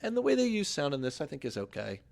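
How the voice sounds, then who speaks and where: A man's voice: fairly high pitch, huge pitch swings, fast talker, creaky, a little mellow. A man co-hosting a podcast in casual film chat, blunt and opinionated, swearing casually as he talks. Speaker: podcast co-host.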